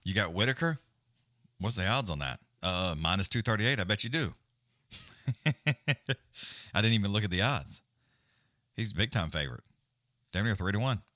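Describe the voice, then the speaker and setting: Male streamer, casual and profane, very lively delivery, dry close sound. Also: on the low side, normal speed, long pauses, no room sound. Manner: rambling, profane, animated. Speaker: livestream host. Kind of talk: casual live-stream chat.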